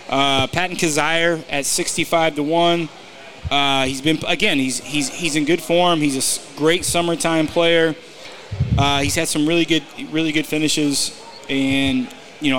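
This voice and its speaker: A man's voice: on the high side, fairly bright tone. A man giving golf bets in a casual podcast chat, rambling with lots of fillers and teasing the host. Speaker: golf betting analyst.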